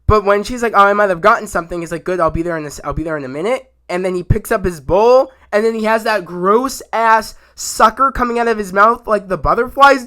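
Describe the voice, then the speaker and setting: A young man talks through a TV episode in a loose, rambling way, piling up fillers and restarts as his excitement builds. His voice sits high for a man and has a bright, forceful edge. The delivery is unscripted and chatty. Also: fast talker, few pauses. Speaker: YouTube show reviewer. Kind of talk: casual spoken review.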